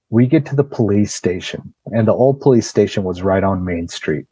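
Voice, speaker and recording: A man's voice: on the low side, moderate pace, hardly any pauses, breathy edge, dry recording, dull audio. A man on a podcast telling a long story in a casual way. He acts out what people said and swears freely. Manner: lively storyteller acting out quoted dialogue, swears freely. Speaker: podcast guest.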